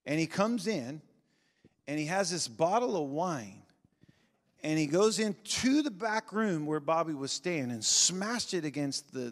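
A man with a somewhat high voice preaches a sermon, telling a story with animated energy. His voice rings out in a large church hall with a long reverb. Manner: animated storytelling, building to shouted fervor. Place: church sanctuary.

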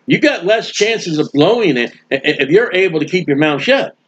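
A man preaching a sermon in a folksy, animated way, acting out the voices of people he quotes. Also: high-pitched, brisk, breathy edge, dull audio. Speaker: street preacher.

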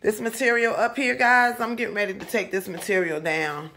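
A young woman chatting casually to her viewers in a home vlog, animated and talking straight to them. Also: medium pitch, brisk, slight background noise. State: out of breath in places. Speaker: vlogger. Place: home, indoors.

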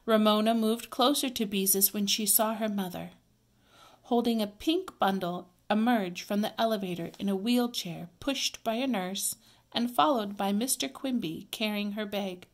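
A woman teacher reading a children's story aloud, clear, expressive and measured. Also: mid-range voice.

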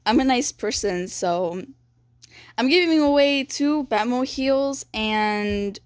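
A young woman giving excited game walkthrough commentary, gushing and gasping and repeating "dude" and "bro". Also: fairly high pitch, takes it slowly, clean tone, no room sound, clean studio sound. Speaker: gaming video creator.

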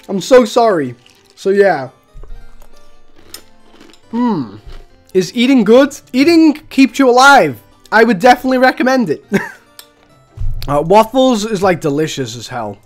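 A man giving chatty, excitable live commentary while he plays a video game as a streamer. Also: sits high, takes it slowly, long pauses, soft background music. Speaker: gaming streamer.

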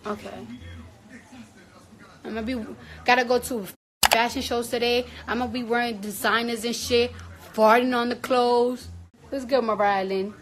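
A woman's voice: a little high, fairly even intonation, moderate pace, long pauses, low-quality recording. A woman chatting casually on a livestream, blunt and profane, cooing at her baby now and then. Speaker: livestream host.

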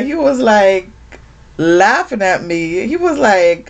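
A woman vlogging casually to camera, chatty and animated, with lots of fillers. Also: on the high side, takes it slowly, muffled recording. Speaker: beauty vlogger.

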